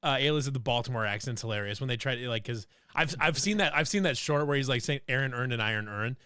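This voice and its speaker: A man's voice: mid-range voice, quick pace, pushed and bright, clear, resonant tone, no room sound, clean studio sound. A man co-hosting a casual streamed chat, rambling and giggling, often repeating himself. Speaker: co-host.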